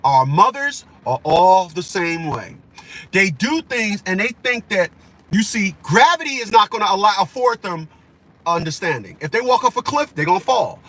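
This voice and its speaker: A man's voice: high voice, big pitch swings, moderate pace, fairly bright tone. A man delivering a heated, profane opinion rant as a vlogger, repeating himself for emphasis.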